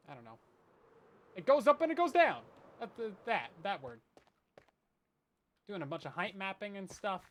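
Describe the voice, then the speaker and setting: A man's voice: a little high, fairly bright tone, slight background noise. A man giving rambling, self-deprecating commentary while playing a survival game on a stream. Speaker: Minecraft streamer. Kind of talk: casual gameplay commentary.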